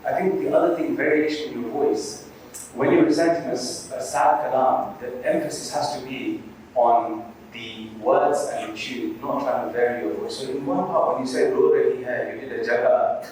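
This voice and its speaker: A man's voice: mid-range voice, moderate pace, a little mellow, slight background noise. A man hosting and judging a recitation contest, giving encouraging feedback full of religious phrases. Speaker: competition host and judge. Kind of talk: live event judging feedback. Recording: echoey hall from far off.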